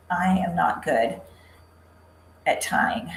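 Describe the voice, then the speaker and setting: A woman's voice: on the low side, steady tone, slow pace, roomy sound, a little hiss or hum, low-quality recording. A woman hosting a live craft demo, chatting upbeat with viewers by name while she works. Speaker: craft livestream host.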